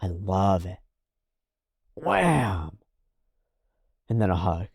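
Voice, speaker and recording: Low-voiced man casually reacting to anime. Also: moderate pace, no echo, clean studio sound. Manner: animated, swearing, swings between loud and hushed. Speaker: reaction video host.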